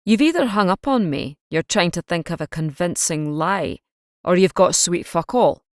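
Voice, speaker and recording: A woman voicing a gruff, sarcastic male Scottish police chief with a Scottish accent in an audiobook reading. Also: lowish voice, animated, normal speed, dry recording, studio quality, lightly acted. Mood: stern.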